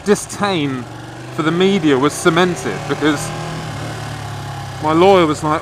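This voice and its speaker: Man, somewhat high voice, rambling and profane anecdote, recorded in a car with loud engine noise. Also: measured pace. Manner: swears freely, rambling anecdote. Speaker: vlogger. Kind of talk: casual storytelling.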